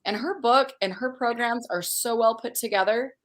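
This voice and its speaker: A woman's voice: a little high, moderate pace, a bit bright. A woman hosting a livestream conference, chatting casually and effusively while reading out viewer comments. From Utah. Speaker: conference host.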